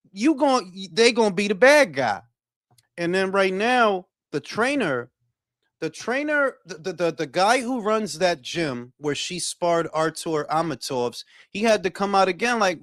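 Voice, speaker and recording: A man's voice: high-pitched, very animated, a little slow, a bit bright, no echo, studio quality. A man from Detroit with a Detroit accent, hosting a boxing talk stream and ranting in a blunt, profane, heated way. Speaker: boxing talk show host. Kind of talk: casual livestream commentary.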